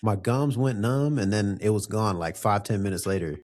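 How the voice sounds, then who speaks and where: A young man co-hosting a podcast, telling an animated story with plenty of swearing and slang. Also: on the low side, normal speed. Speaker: podcast co-host. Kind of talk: casual chat.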